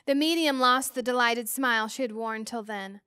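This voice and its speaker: A woman teacher reading a novel aloud to students with expressive, measured storytelling. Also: on the high side, clear, resonant tone, no room sound, clean studio sound.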